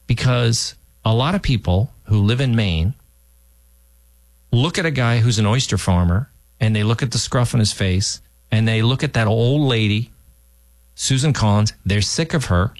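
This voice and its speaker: A man's voice: on the low side, animated, normal speed, no echo. Emphatic man hosting political talk. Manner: rambling, emphatic, repeats himself. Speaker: radio talk host.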